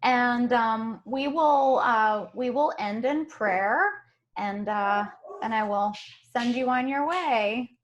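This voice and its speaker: A woman hosting a meditation group on a video call, gentle and soft-spoken, laughing often. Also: fairly high pitch, slow pace, highs cut off, a little hiss or hum.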